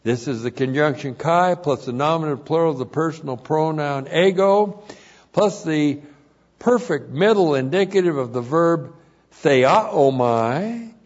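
A man's voice: on the high side, darkish tone, lo-fi sound. A man teaching verse by verse through a Bible epistle, explaining the Greek grammar and stressing key words by repeating them.

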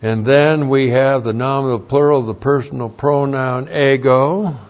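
A pastor teaches an expository sermon, carefully explaining Greek grammar and spelling words out letter by letter. His mid-range voice is steady, moderately paced and somewhat dark, captured in a dull lo-fi recording.

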